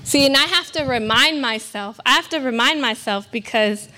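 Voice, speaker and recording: A woman's voice: high-pitched, normal speed, sharp tone. A young woman from California preaching a sermon at a church service, earnest and emphatic with self-deprecating asides. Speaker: guest preacher.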